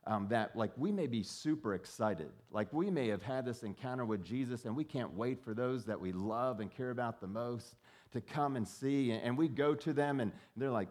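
Male pastor, casual sermon delivery, mid-pitched voice, restarts words, slips into quoted voices. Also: expressive, moderate pace, a little mellow. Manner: conversational, repeats words when starting a thought.

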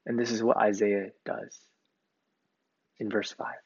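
A man preaching a sermon as pastor, deliberate and emphatic, repeating key words for weight. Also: lowish voice, level tone, creaky, husky. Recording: dull, lo-fi recording.

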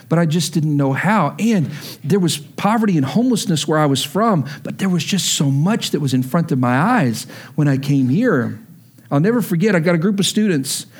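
A man's voice: a little high, a little mellow. A man in his thirties from Texas preaching a sermon, telling a personal story and building to emphatic preaching. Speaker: pastor.

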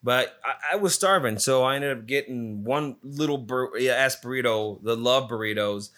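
A man's voice: medium pitch, moderate pace, a bit bright. A man telling a rambling, profanity-filled travel story in a casual, exasperated way. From lives in Phoenix area. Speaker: storyteller recounting a trip.

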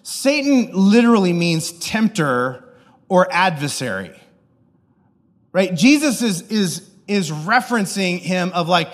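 A man's voice: sits high, sing-song, slow, long reverb tail. A man pastor giving a casual, joking sermon, often checking in with the audience. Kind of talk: conversational sermon.

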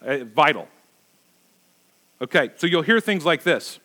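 A man's voice: on the high side, animated, unhurried, pauses often, bright, forceful tone. A man preaching as a pastor, conversational and emphatic, asking his listeners rhetorical questions. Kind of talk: sermon.

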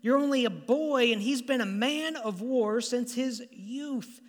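A man's voice: very high voice, a little slow. A man voicing a fearful, dismissive king who is exasperated, with a long hall reverb.

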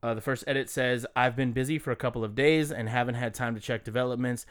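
A man's voice: mid-range voice, steady tone, fast talker. A man co-hosting a comedy podcast, chatting casually with loose, swearing banter. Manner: swearing, laid-back banter. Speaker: podcast co-host. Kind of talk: casual chat.

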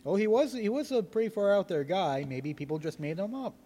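A man's voice: high voice, animated, a little fast, mellow, slight background noise. A man on a podcast panel in casual chat, sharing trivia with a dry sense of humor.

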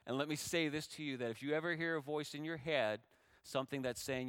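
A man preaching a sermon as pastor, moving between hushed, tender lines and loud, rising exhortation, sounding emotional and close to tears. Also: mid-range voice, fast, hardly any pauses, clean tone, dry recording.

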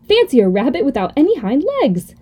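A woman reading a storybook, voicing a brisk, teasing young male wild rabbit. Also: high-pitched, big pitch swings, darkish tone, voice pushed up. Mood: scornful. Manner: brisk, taunting and scornful.

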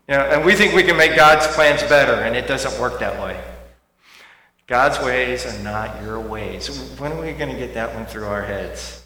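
A man preaching a sermon in a church, talking conversationally and swinging from quiet reflection to loud emphasis. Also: medium pitch, normal speed. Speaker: pastor. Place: church sanctuary. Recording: echoey hall with faint hum.

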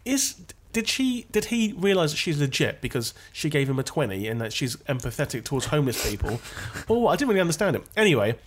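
A man's voice: on the high side, very animated, fast, few pauses, slightly rough. A man co-hosting a podcast, casually and animatedly recounting scenes. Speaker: podcast co-host.

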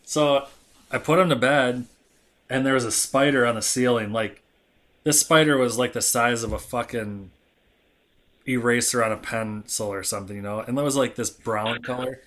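A man's voice: medium pitch, normal speed. Profane man telling a story. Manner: profane, animated storyteller acting out dialogue. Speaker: podcast co-host. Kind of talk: casual storytelling.

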